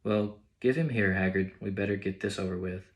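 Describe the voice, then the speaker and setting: A man voicing a wise old male wizard headmaster, calm and measured with dry humor. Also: deep voice, lightly acted.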